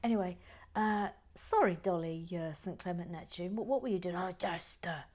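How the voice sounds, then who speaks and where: A woman's voice: fairly low pitch, normal speed, a little mellow. A woman reading out listener messages in a casual, giggly chat, often trailing off into whispers. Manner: giggly, self-interrupting, drops into whispers.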